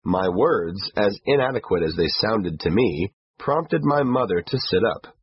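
A man narrating a first-person story in a measured, expressive way, with a husky voice. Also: fairly low pitch, no echo. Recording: dull, slightly muffled recording.

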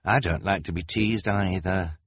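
A man's voice: sits low, unhurried, husky, no room sound. Man playing a mopey, self-pitying young man. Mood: gloomy.

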